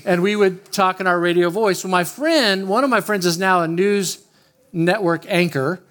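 A man preaches in a light, high voice. He opens with a casual, joking personal story and keeps talking straight to the people in front of him. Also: moderate pace, a bit bright. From Oklahoma, USA. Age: 50s. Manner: chatty, joking, talks straight to the room. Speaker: pastor. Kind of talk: storytelling sermon.

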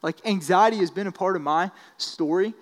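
Man, high voice, casual storytelling sermon, long hall reverb. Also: fairly quick. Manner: casual storytelling with many fillers. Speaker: speaker at a church service. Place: large hall with an audience.

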